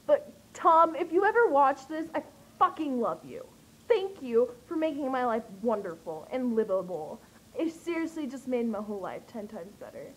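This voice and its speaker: A young woman telling an excited vlog story, gushing and breathless, with lots of fillers. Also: high-pitched, normal speed, slightly rough, poor audio. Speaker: vlogger.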